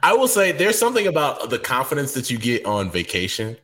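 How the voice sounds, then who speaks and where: A man co-hosting a podcast, talking in a confident, animated way with frequent laughs. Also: mid-range voice, brisk. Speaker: podcast co-host. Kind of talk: casual chat.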